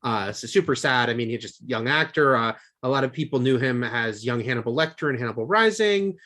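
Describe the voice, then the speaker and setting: A man's voice: mid-range voice, expressive, fairly quick, sharp tone. A man co-hosting a film podcast, chatting casually and rambling with lots of fillers. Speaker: podcast co-host. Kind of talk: casual chat.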